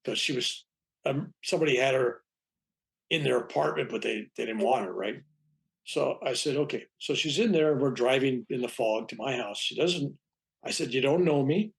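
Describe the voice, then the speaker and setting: A man's voice: medium pitch, normal speed, gravelly. An older man, a reverend, telling a long personal story in an interview, acting out the dialogue with frequent restarts. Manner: rambling, acts out quoted dialogue, frequent restarts. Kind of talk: anecdotal storytelling in conversation.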